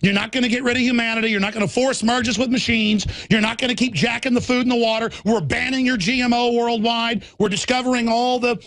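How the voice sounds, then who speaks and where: A man's voice: very high voice, steady tone, quick pace, few pauses, fairly bright tone, no room sound. A man hosting a political radio talk show, ranting in a fiery, combative way from a studio.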